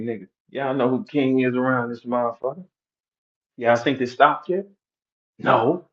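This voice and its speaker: A man's voice: mid-range voice, lo-fi sound. A man hosting an online audio room, ranting aggressively and mockingly with heavy profanity.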